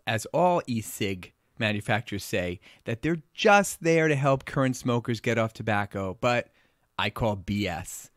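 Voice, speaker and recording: A man's voice: lowish voice, no room sound, clean studio sound. A man with a Long Island accent co-hosting a pediatrics talk show, opinionated and blunt as he talks through health news. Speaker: podcast co-host, pediatrician.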